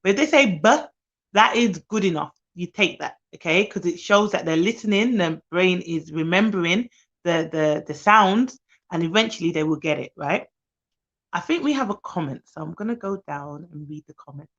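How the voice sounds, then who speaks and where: A woman who works as a nanny gives chatty, fast-talking advice on a live stream while tired. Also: lowish voice, expressive, a bit bright, dull audio.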